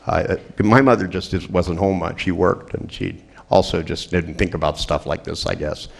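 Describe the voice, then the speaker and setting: Low and steady in tone, this middle-aged man's voice has a creaky, breathy edge and a normal speed. He's a seminar trainer delivering a funny talk to a group, narrating jokey stories and mimicking the people in them.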